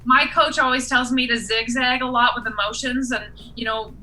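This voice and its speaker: A woman's voice: a little high, fairly even intonation, moderate pace, bright, forceful tone, a little hiss or hum, rough recording. A woman guest giving casual acting feedback, effusive and full of enthusiastic praise.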